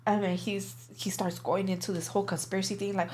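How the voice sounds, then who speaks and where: A woman's voice: mid-range voice, fairly even intonation, fast talker, few pauses, a little mellow. Young woman, interview guest, candid storytelling, profane, lots of fillers.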